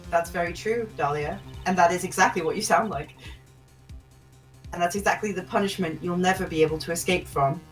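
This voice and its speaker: A woman voicing a calm, confident female lawyer spirit, speaking in a cool, measured way while reading game dialogue aloud. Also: on the low side, recorded from a distance, soft background music, close to an everyday voice. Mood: cold.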